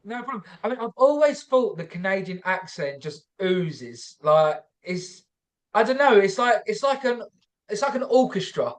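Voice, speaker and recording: A male podcast host with a notably high voice for a man. He chats casually with a guest over a video call. He speaks with effusive enthusiasm. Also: very animated, normal speed. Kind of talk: casual interview chat.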